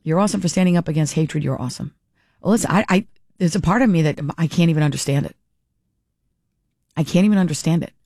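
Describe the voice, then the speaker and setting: A woman's voice: lowish voice, fast, long pauses, darkish tone, no room sound, clean studio sound. Blunt woman talk radio host. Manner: blunt, opinionated, talks back to texters. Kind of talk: talk radio, reading listener texts.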